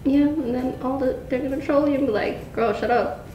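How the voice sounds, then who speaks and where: Young woman guest, excitable teasing chatter, very high bright pitch, roomy sound. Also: fairly quick, lo-fi sound, over music. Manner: excitable, teasing, bursts into laughter. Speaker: guest youtuber. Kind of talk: casual chat.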